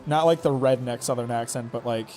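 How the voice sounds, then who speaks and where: A man's voice: medium pitch, a little fast, dark tone, soft background music. A man from the Midwest with a Midwestern accent and a somewhat nasal voice, chatting casually during a game stream. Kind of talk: casual chat while gaming.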